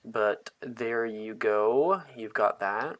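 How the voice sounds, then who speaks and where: Laughing, chatty game master setting up an online tabletop session, mid-pitched. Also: drawn-out words. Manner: chatty, laughing, self-interrupting. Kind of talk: casual chat running a tabletop game.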